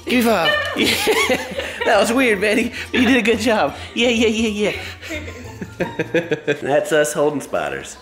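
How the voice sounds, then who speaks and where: A man's voice: high-pitched, sing-song, a little slow, music in the background. A man vlogging at home, casual and playful, cracking jokes and humming silly sound effects. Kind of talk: casual family vlog. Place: at home indoors.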